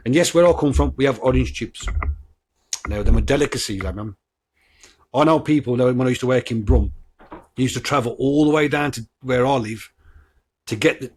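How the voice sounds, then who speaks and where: A man's voice: mid-range voice, darkish tone, breathy edge. A man with a Black Country accent, chatting casually as a podcast host, rambling and swearing freely. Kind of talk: casual chat.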